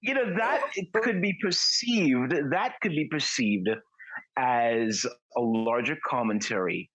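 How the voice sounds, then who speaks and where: A man with a husky, dry-sounding voice talks through ideas on a podcast, stopping and repeating words as he thinks. His pitch moves up and down a lot. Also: lively intonation, takes it slowly, fairly bright tone, no echo. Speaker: podcast co-host. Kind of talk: casual chat.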